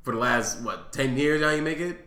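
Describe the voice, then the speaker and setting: A man's voice: mid-range voice, expressive, brisk, sharp tone. A man co-hosting a podcast, talking sports in casual chat, blunt and profane. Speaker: podcast co-host. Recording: roomy echo.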